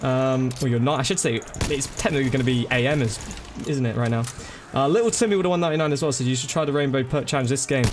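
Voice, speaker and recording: A man's voice: mid-range voice, quick pace, few pauses, noisy background. A man chatting casually to viewers during a live gaming stream, thanking them by name and calling them bro and dude.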